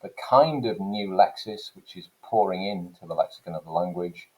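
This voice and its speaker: Male teacher, deep and warm, lecturing in an easy classroom way, leaning on "okay" and "so" between points. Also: normal speed, rough recording. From England. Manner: explanatory, with frequent "okay" and "so" fillers. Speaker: English teacher.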